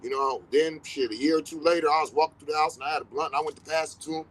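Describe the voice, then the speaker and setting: A middle-aged podcast host delivers a casual monologue, blunt and profane, hammering his points with repetition and telling animated stories with quoted dialogue. His voice is a little high and racing, on a rough recording with a little hiss or hum.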